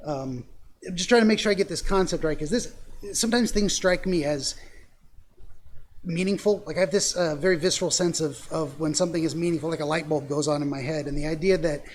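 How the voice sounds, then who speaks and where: A man's voice: on the high side, a little fast, slight background noise. A man hosting a podcast interview, asking probing follow-up questions with frequent restarts and stammers. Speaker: podcast host interviewing a dreamer. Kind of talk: casual interview.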